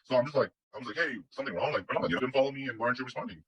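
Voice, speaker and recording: A man's voice: mid-range voice, racing, a bit bright, husky, dull audio. A man telling a personal story in a casual, rambling way, full of restarts and quoted dialogue. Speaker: guest telling his story.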